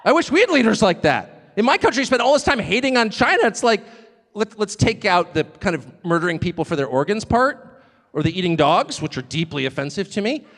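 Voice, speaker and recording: Man, high lively voice, sarcastic live speech in a big reverberant hall. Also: brisk. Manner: conversational, sarcastic asides, laughs often. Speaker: speaker at a live event.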